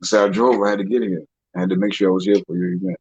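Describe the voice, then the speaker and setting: Husky-voiced man telling his story. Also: deep voice, fairly even intonation, racing, darkish tone, highs cut off. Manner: rambling, repeats words, retells stories. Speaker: guest, dancer and author. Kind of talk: casual interview talk.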